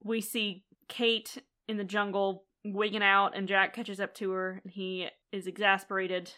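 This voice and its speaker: A woman co-hosting a podcast, recapping a TV episode in casual chat with quick, animated, giggly retelling. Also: mid-range voice. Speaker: podcast co-host.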